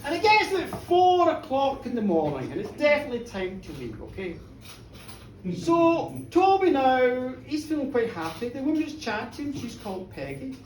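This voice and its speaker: A woman storyteller at a live pub show, chatty and lively, often checking in with her listeners. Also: high voice, normal speed, slight background noise. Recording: roomy pub from far off.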